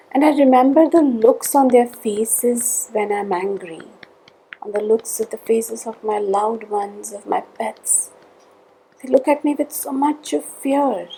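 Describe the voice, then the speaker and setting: A woman leading a guided tapping session, calling out tapping points in a slow, measured way between spoken statements. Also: fairly high pitch, creaky, dark tone, breathy edge, poor audio.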